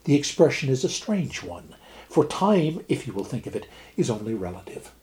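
A man voicing a calm, philosophical ship captain in a read-aloud fable, speaking gently and with measured reasoning. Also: mid-range voice, pitched above the performer's own voice, lightly acted.

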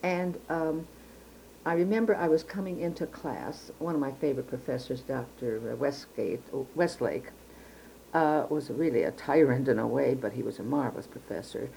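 Low-voiced older woman telling her life story. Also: moderate pace, gravelly, mellow, a little hiss or hum, rough recording. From Chicago, United States. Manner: reflective, precise storytelling with frequent restarts. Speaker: interviewee. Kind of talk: oral history interview.

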